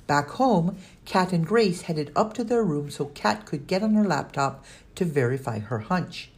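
A woman narrating a children's audiobook in a steady storytelling manner. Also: fairly low pitch, a little slow.

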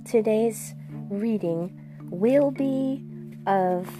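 A woman hosting a podcast reads a story aloud in a gentle, relaxed way. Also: medium pitch, drawn-out words, music in the background. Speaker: podcast host reading a story. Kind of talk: storybook narration.

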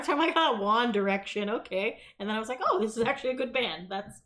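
A woman's voice: fairly high pitch, quick pace, hardly any pauses, fairly bright tone. A woman co-hosting a casual chat podcast, reading out facts between chatty asides. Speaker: podcast co-host.

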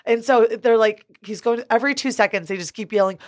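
Laughing, animated woman podcast co-host. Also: fairly high pitch, fairly quick, no room sound, studio quality. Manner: animated storyteller, swears freely, laughs often. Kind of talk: casual chat.

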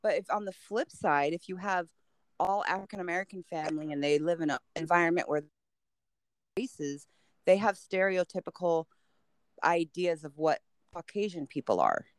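A woman in her fifties chats as a podcast guest, animated and teasing, often breaking into laughter. Her voice sits a little low. The sound is dry and close. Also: normal speed, dry recording. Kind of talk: casual chat.

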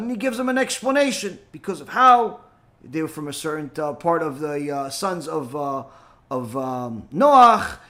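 Male teacher, high voice, lively storyteller who acts out his characters. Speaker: Torah teacher. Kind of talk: storytelling lesson.

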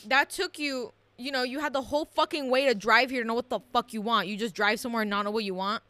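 A woman's voice: a little high, steady tone, quick pace, pushed and bright, no room sound. A young woman co-hosting a podcast in casual chat, blunt and profane as she rants. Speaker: podcast co-host.

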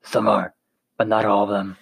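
Man reading a calm, determined hero. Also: fairly low pitch, moderate pace, gravelly, husky. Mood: resolute. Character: determined young male hero, calm and firm.

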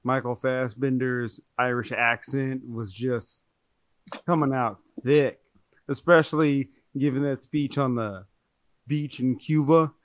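A man's voice: mid-range voice, steady tone, slow, no echo. Male podcast co-host, casual and rambling, dry close sound. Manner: chatty, rambling, self-correcting. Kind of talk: casual movie-review chat.

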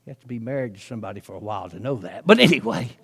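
A man's voice: on the low side, expressive, very fast, breathy edge. A male preacher, telling a story in his sermon in a folksy, chatty way with frequent asides.

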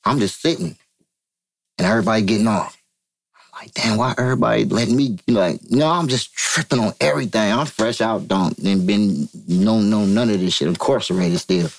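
A man's voice: normal speed, gravelly. Man telling a street story animatedly. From Vallejo, California. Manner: animated, profane, acts out quotes in a higher voice. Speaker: interview guest. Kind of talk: casual storytelling.

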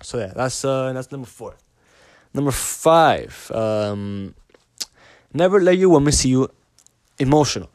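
A man at a mid pitch lays down his advice bluntly and with plenty of swearing, circling back to the same points and asking "you know what I mean" again and again. He often trips over his own words and starts his sentences over. His voice sounds close and dry, with no room echo. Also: expressive, a little slow, pauses often, a little mellow. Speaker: podcast host giving dating advice. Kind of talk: casual unscripted monologue.

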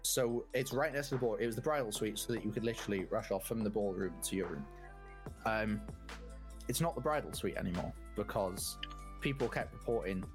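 A man's voice: lowish voice, brisk, music in the background. A man telling a hotel ghost story in a casual chat, stammering and restarting often.

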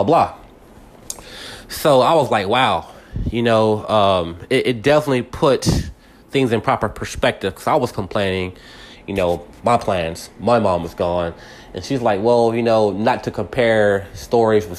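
Man, 30s, low-pitched, rambling reflective monologue with lots of restarts. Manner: rambling with many restarts and fillers; grows heated and agitated when angry. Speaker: podcast host.

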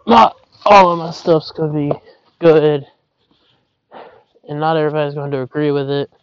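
A man's voice: a little high, moderate pace, clear, resonant tone, dry recording, dull audio. A man hosting a podcast, rambling apologetically while hot and breathing heavily outdoors in a yard, recorded without his usual headset. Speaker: podcast host. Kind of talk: casual rambling monologue. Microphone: not his usual headset.

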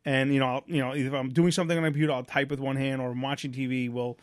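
A father of young children co-hosts a casual podcast about family life, telling stories bluntly and rambling with many restarts, fillers and casual swearing. His medium-pitched voice stays level while racing along, in studio quality with no echo.

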